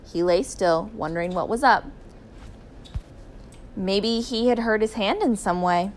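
A woman narrating a children's story in a clear, even, expressive reading voice. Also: medium pitch, unhurried, a little hiss or hum. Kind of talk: children's story read aloud.

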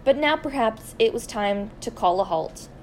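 A woman reading a children's story aloud, expressive and deliberate, slowing down for emphasis. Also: a little high, a little hiss or hum, poor audio.

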